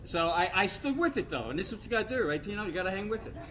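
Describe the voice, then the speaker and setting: A man's voice: sits high, lively intonation, rapid-fire, a crowd in the background. A man gives a rambling, joking hall of fame speech full of anecdotes. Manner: rambling storyteller, self-deprecating jokes. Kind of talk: after-dinner speech with anecdotes.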